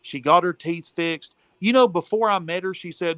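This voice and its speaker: A man's voice: sits high, lively intonation, moderate pace, fairly bright tone, no room sound. A man venting in an agitated, profane rant, calling people "dude". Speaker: caller venting on a panel show. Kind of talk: emotional rant, casual talk.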